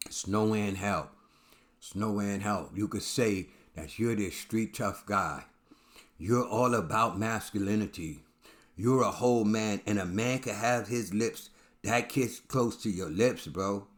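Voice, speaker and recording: A man's voice: lowish voice, unhurried. Blunt profane man ranting about celebrities. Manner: blunt, profane, repetitive street talk. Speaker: commentary channel host.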